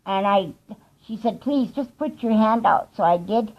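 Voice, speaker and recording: A woman telling a personal story in a heartfelt vlog, slow and earnest, with soft laughs between thoughts. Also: mid-range voice, animated, highs cut off. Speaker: vlogger.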